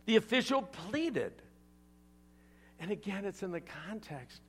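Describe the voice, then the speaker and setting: A male pastor in the middle of a sermon, his pitch swinging up and down with a lot of expression. He takes his time, slowing down on key words and turning often to ask his listeners questions. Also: husky, faint music behind. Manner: animated storytelling with conversational asides to the congregation.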